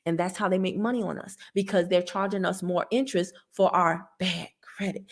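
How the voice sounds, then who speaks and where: A woman's voice: lowish voice, steady tone, fairly quick, few pauses. A woman with a Southern American accent, a credit tips host talking casually and preachily as she answers a viewer, laughing as she goes. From Southern United States.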